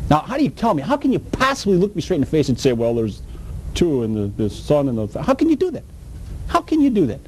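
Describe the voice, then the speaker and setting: A man's voice: a little high, dark tone, a little hiss or hum, low-quality recording. A man preaching a sermon, emphatic and full of rhetorical questions, with folksy grammar.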